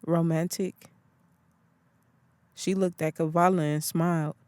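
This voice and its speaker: A narrator telling an audiobook story in a plain, even way. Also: mid-range voice, moderate pace, clear, resonant tone, no echo. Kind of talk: scripted narration.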